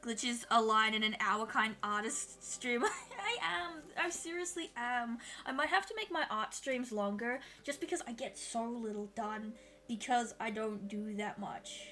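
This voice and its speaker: Bright-voiced woman streamer, chatty and loose. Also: on the high side, unhurried, a little hiss or hum. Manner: chatty, swears casually, laughs often. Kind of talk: casual chat while drawing on stream.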